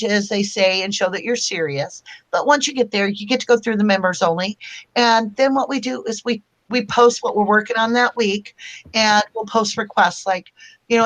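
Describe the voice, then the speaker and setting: A woman's voice: mid-range voice, fairly bright tone. A woman hosting a casual live-stream chat from home, chatting loosely and greeting viewers by name as she reads their comments aloud. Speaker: host of a live chat show.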